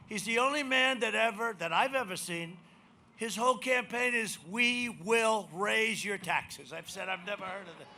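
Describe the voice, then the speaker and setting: An older man giving a campaign rally speech, rambling and boastful, swinging between shouted lines and muttered asides. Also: sits high, a little hiss or hum. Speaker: political speaker at a rally. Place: outdoor rally crowd.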